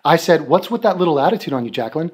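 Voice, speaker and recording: A man's voice: fairly high pitch, sing-song, very fast, breathy edge. A man giving a profane, sarcastic commentary rant, mocking the people he is answering. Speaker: commentary video creator. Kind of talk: ranting commentary.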